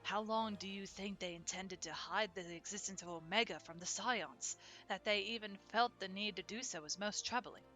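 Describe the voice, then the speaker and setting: A woman's voice: medium pitch, normal speed, sharp tone, faint music behind, close to an everyday voice. A woman voicing a stiff, formal young nobleman in a game, with old-fashioned phrasing. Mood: troubled.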